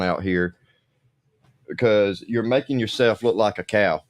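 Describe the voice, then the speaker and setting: A man's voice: on the low side, takes it slowly, long pauses, no echo. A man hosting a livestream, ranting bluntly with lots of swearing and repetition. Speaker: livestream host.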